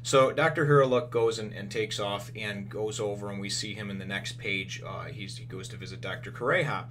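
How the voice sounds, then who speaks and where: A man's voice: on the low side, a little fast, noisy background. A man casually recapping a comic chapter, rambling with many fillers and restarts. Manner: acts out characters' quotes in retelling. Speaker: manga reviewer.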